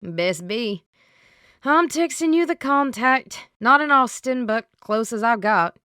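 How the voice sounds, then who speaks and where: A woman's voice: a little high, lively intonation, takes it slowly, no echo, studio quality, pitched above the performer's own voice, heavily acted. A woman voicing a grumpy older man with a Southern accent, a psychic on the phone in an audiobook. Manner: gruff, then softening.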